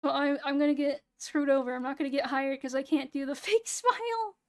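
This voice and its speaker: A young woman streaming casually, talking in a flat, low-energy, near-monotone way, with a hoarse voice and a sound like she is close to crying. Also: a little fast. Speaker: VTuber streamer. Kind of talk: casual late-night stream chat.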